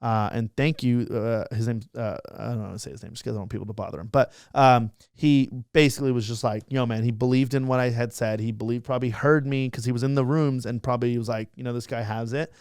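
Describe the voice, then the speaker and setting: A young man races through his story as a guest, slipping into the voices of the people he quotes. His voice is smooth and clear. The sound is dry and close. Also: medium pitch, dry recording. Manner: fast, animated storytelling, acts out quotes. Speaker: guest, social media creator. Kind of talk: casual storytelling interview.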